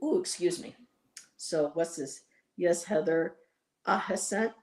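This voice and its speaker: A woman's voice: low-pitched, measured pace, very noisy. A woman from western New York with a Buffalo accent, chatting and telling stories on a live stream. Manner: chatty storyteller, voices others in anecdotes. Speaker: stream co-host. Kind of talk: casual live-stream chat. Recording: roomy echo.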